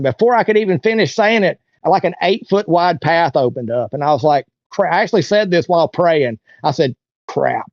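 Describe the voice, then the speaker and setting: A man's voice: fairly high pitch, animated, a little fast, no echo, highs cut off. A man, an interview guest telling a long story in a rambling, folksy way. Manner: rambling, folksy, lots of "you know" and "like". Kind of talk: casual storytelling.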